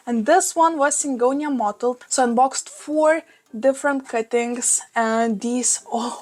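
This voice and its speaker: A woman with a Russian accent vlogging about her plants at home, gushing and exclaiming often. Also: on the high side. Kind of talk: casual vlog. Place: small room at home. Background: soft background music.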